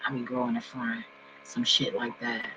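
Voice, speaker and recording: A man ranting casually and profanely to his viewers from home, swinging between loud outbursts and low mumbling. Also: little pitch movement, moderate pace. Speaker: vlogger. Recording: dull lo-fi recording with faint mains hum.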